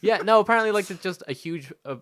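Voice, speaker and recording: A young man in his twenties, raised in Spain, with an Irish accent that has an American tinge. He rants and swears freely on a casual podcast. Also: fast talker. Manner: animated ranting, swears freely, jumps high when exasperated. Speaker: podcast co-host.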